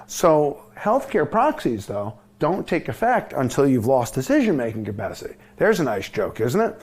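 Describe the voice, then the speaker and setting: A man giving a board review lecture, animated, acting out little dialogues in shifting voices. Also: medium pitch, normal speed, few pauses, husky. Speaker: medical lecturer.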